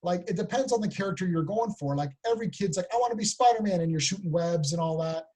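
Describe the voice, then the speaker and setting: A man co-hosting a casual comic book chat, rambling excitedly and acting out quotes. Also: high-pitched, fast talker. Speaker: podcast co-host.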